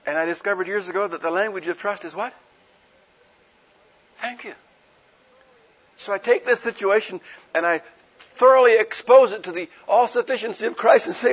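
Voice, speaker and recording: Folksy high-voiced preacher, husky. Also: male voice, normal speed, pauses often. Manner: folksy, conversational, rhetorical questions, acts out quotes. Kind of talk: sermon. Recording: dull lo-fi recording.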